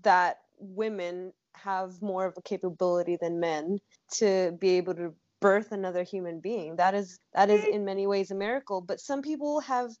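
A woman's voice: medium pitch, a little mellow, no echo. Chatty lady host, easygoing talk, kinda muffled sound, dry. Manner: chatty and agreeable, quick backchannels. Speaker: podcast host. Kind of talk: casual interview chat.

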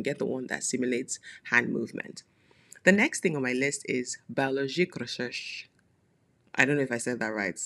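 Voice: mid-range voice, creaky, a bit bright. A podcast host talking casually in a solo monologue, chatty and playful, with frequent laughing asides.

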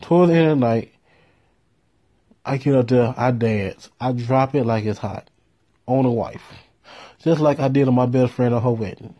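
A man telling a profane story in a laid-back way, with deadpan punchlines. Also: medium pitch, moderate pace, pauses often, dull audio. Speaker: storyteller host.

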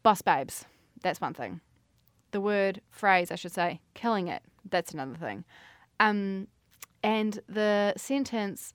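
A woman's voice: medium pitch, lively intonation, slow, dry recording, clean studio sound. A woman in her late twenties hosting a solo podcast, rambling and self-deprecating, swearing now and then. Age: 20s. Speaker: podcast host.

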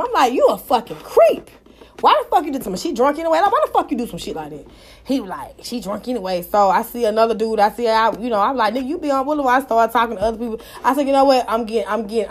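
A young woman with a drawl and a bright, high voice. She talks straight to her viewers in a loose, cussing storytime, with loud, lively bursts of praise. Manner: animated, profane, exclaiming praise. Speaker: vlogger. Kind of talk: casual storytime monologue.

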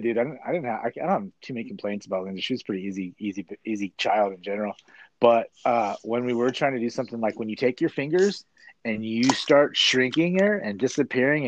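A man's voice: mid-range voice, no echo. Chatty man telling stories on a dry call. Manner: animated storyteller, says "dude" a lot. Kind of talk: casual chat. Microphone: video call.

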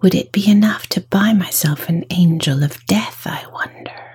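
A woman voicing a scheming petty male thief in a storybook, muttering scornfully to himself in a husky voice. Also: lowish voice, normal speed, a little mellow.

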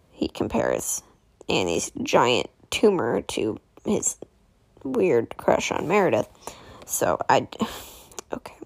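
A woman's voice: low-pitched, vocal fry, dry recording. A woman casually recapping a TV episode, rambling with lots of "um, anyway" and correcting herself as she goes.

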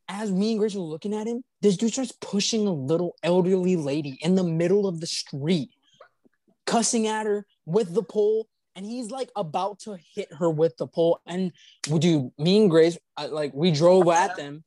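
A man's voice: on the high side, normal speed, a little mellow, no echo. A young man hosting a podcast, telling a story casually with many fillers and restarts. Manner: rambling, filler-heavy, laughing retelling. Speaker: podcast host.

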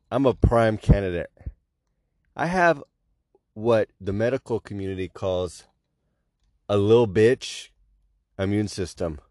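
A man's voice: lowish voice, a little mellow, no echo, clean studio sound. Profane, sarcastic male comedy host. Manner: sarcastic, crude, profane, self-mocking. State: sick with a stuffy nose. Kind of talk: comedic news monologue.

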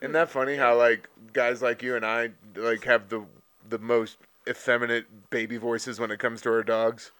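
A man's voice: medium pitch, little pitch movement, normal speed, fairly bright tone, clear, resonant tone. Laid-back crude-talking young man. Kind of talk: casual chat.

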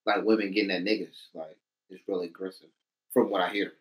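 Fast-talking Atlanta man, laid-back banter. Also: deep voice, flat delivery. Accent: Southern US, Atlanta. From Atlanta, Southern US. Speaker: podcast co-host. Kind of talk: casual chat.

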